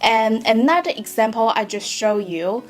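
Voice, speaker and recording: A woman with a Chinese accent, a native Mandarin speaker, teaching a patient online language lesson, often checking in with "right?" and saying example words slowly. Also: fairly high pitch, expressive, soft background music. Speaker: Mandarin tutor.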